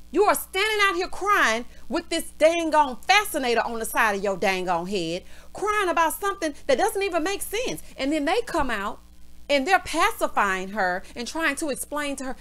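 Woman, recap host, sassy and animated, highish voice. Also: moderate pace. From Southern US. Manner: sassy, calls everyone honey and girl. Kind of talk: casual recap rant.

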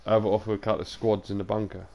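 A young man with a low, gravelly voice rambles casually to his live stream audience. He is tired and talks loose and sweary between bits of gameplay. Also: flat delivery, very fast, mellow. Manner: loose, sweary banter to chat, drifting into sing-song and whispers. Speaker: game streamer.

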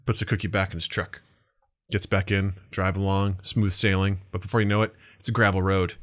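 A man with a bright, forceful voice, a bit lower than most, tells a long shaggy-dog joke on a podcast. He keeps it deadpan and breaks into loud, high character voices for the punchlines. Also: brisk. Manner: acts out characters with big pitch jumps and shouts. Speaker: podcast co-host.

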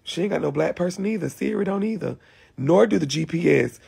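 A man's voice: high-pitched, animated, fairly quick, vocal fry, a little mellow, breathy edge. A man with a cold, hosting a casual livestream from his guest room at home and ranting in a brash, profane way. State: has a cold. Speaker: livestream host. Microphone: phone livestream.

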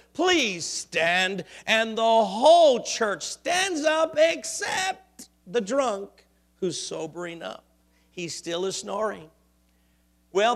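A pastor delivering a sermon in a church, animated, rising to loud exclamations. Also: male voice, high voice. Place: church sanctuary.

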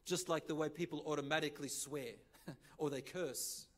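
A man of Lebanese origin preaches a sermon, his voice sitting a little high for a man. He drifts between English and Arabic phrases. He tells his stories with animation and jumps up loudly whenever he acts out what someone said. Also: normal speed. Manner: animated, acts out quoted dialogue with sudden loud rises. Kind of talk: sermon with storytelling.

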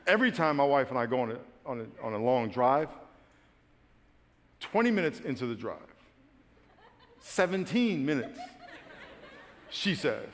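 A man pastor telling a funny personal story in a sermon, acting out his own frantic lines with bursts of shouting and laughter. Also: mid-range voice, big pitch swings, measured pace, long pauses, in a large hall. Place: large church auditorium.

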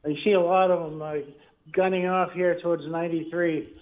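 A man with a fairly high voice calls in to a radio show over a thin, tinny phone line. He chats in an easygoing, rambling way. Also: flat delivery, a little fast. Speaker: caller. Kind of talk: casual phone-in chat.

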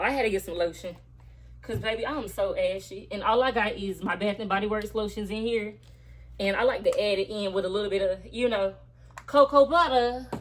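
A young adult woman vlogging, chatting to her viewers in a casual, slangy way while she gets ready. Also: medium pitch. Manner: chatty, slangy, talks straight to viewers as y'all. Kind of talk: casual get-ready-with-me chat.

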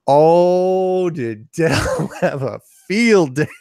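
A man co-hosting a casual podcast conversation, telling stories in an animated way with frequent restarts. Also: medium pitch, normal speed, no echo. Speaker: co-host.

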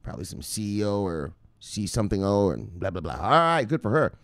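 Male crypto vlogger, rowdy and foul-mouthed, pitch jumping all over, dry close sound. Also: big pitch swings, a little fast, a bit bright, dry recording. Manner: boisterous and profane, street slang. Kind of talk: casual profane commentary.

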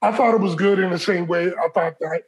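A podcast co-host in casual chat, talking in an animated way with many restarts. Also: mid-range voice, fairly quick, low-quality recording.

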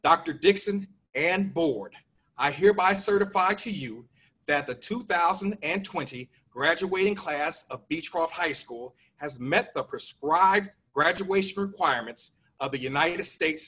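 A man's voice: fairly high pitch, animated, moderate pace, pushed and bright, husky, distant mic, rough recording. A man formally presenting and certifying a graduating class, reading from a script. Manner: formal, reads a prepared script. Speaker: ceremony presenter. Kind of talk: formal announcement.

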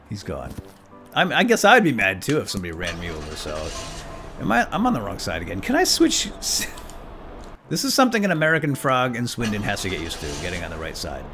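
A man hosting a let's play, giving silly role-play commentary in an excitable, giggly way. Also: mid-range voice, brisk, soft background music.

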